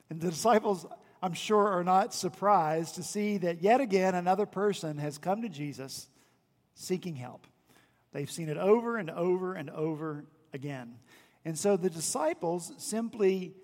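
High-voiced pastor preaching in a reverberant church. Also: male voice. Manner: emphatic, repetitive preaching cadence with rhetorical questions. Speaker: senior pastor. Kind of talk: sermon. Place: church sanctuary.

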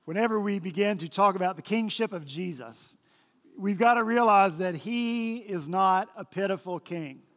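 Male senior pastor, high-pitched, emphatic sermon delivery, recorded in an echoing church hall. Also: a bit bright. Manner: emphatic preaching, slow stressed phrases. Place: large church sanctuary. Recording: long church hall reverb.

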